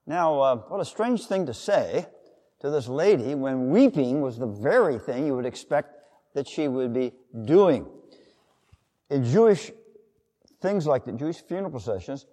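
A man preaching a sermon, his voice rising and falling with lively inflection. He talks in a loose, conversational way and acts out little quotes. The sound hangs in a big hall with a long tail of reverb. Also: mid-range voice, unhurried. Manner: conversational, with acted-out quotes and asides.

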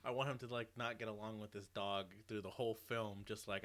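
A man in casual chat, animated and laughing, acting out silly movie scenes. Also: lowish voice, fairly quick.

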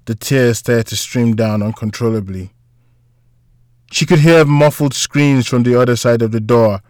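A man reads a novel aloud in a measured, even storytelling manner, his voice close and dry with no room around it. His pitch sits in an ordinary middle range. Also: no echo. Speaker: audiobook narrator. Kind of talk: scripted narration.

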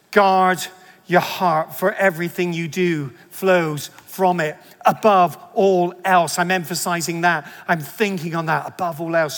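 A man delivers a sermon with a light, high-pitched voice. He keeps it conversational and returns again and again to key phrases to stress them. The sound carries a long reverb, like a church hall. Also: fairly bright tone. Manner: conversational preaching, emphatic repetition. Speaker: preacher.

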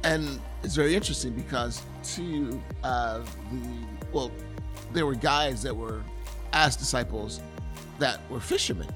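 A man's voice: mid-range voice, measured pace, over music. A man preaching a sermon, retelling a scripture story with earnest, vivid storytelling and acting out the scene. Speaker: pastor.

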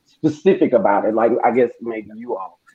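A man's voice: fairly low pitch, normal speed, dark tone, breathy edge, highs cut off. A man from the United States in a casual chat, teasing and laughing often.

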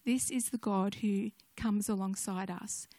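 Older woman preacher, gentle storyteller, dry close sound. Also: medium pitch, steady tone, a little slow, no room sound. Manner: gentle storytelling, conversational asides. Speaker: speaker sharing a devotional message. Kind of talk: personal testimony sermon.

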